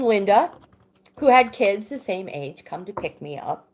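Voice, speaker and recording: Slow, halting woman telling a story. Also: medium pitch, lively intonation. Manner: halting, many restarts and fillers. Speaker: livestream host. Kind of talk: casual storytelling.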